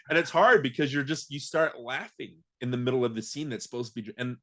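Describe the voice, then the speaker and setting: Man, podcast host, casual chat, animated, laughs often. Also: medium pitch, normal speed, pauses often. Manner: animated, laughs often, acts out movie lines.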